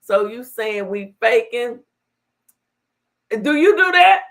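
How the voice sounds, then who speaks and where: A woman's voice: fairly high pitch, lively intonation, slow pace, fairly bright tone. A woman hosting a casual livestream talk show, blunt and sassy.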